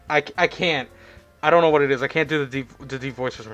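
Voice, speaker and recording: A young man giving casual, rambling let's-play commentary, speaking softly because it is late at night. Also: mid-range voice, a little fast, dull audio, faint music behind. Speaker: gaming YouTuber.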